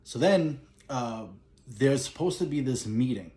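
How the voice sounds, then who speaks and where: A man casually retelling a film's plot as a collector and reviewer, animated and breaking into character lines. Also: mid-range voice, unhurried. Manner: animated storytelling, acts out lines in a raised voice. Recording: roomy echo.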